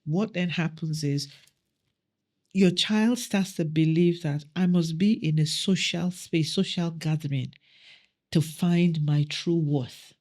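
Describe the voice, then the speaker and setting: A middle-aged woman from Nigeria, speaking a little low in her range. She tells personal stories as a podcast guest. She acts out the voices of the people she quotes with lively energy. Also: takes it slowly. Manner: animated storyteller who acts out quoted dialogue. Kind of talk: storytelling in a podcast interview.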